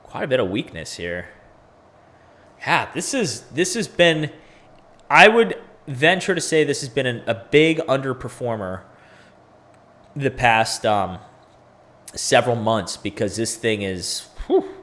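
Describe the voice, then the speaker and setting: A man's voice: mid-range voice, animated, measured pace, pauses often, fairly bright tone. Chatty man hosting a crypto chart stream. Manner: chatty, talks to viewers, thinks aloud with fillers. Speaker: crypto livestream host. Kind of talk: casual livestream chart analysis.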